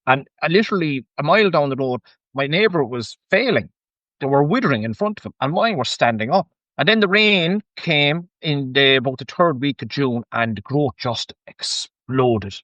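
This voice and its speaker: A man's voice: on the high side, moderate pace, no echo, muffled recording. An Irish man who farms, telling an anecdote as a podcast guest and acting out what people said to him. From Ireland. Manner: animated anecdote-telling, acts out quoted speech, chuckles often. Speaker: guest farmer. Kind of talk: casual storytelling interview.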